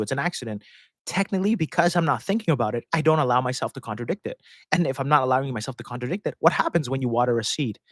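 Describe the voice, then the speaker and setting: A man's voice: medium pitch, no echo. A man hosting a casual live-stream question and answer session, talking in a rambling, chatty way and laughing often mid-sentence into a close microphone. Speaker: host answering viewer questions. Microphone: close desk microphone.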